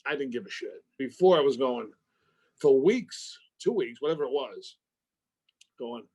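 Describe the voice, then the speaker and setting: A middle-aged man, an actor being interviewed, who tells an animated story and acts out phone calls with swearing and loud outbursts. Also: medium pitch, moderate pace, pauses often.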